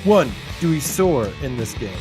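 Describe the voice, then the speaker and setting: Higher-voiced man with music behind. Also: expressive, moderate pace. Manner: playful, laughing, sing-song shout-outs. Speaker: podcast co-host. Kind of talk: reading chat shout-outs.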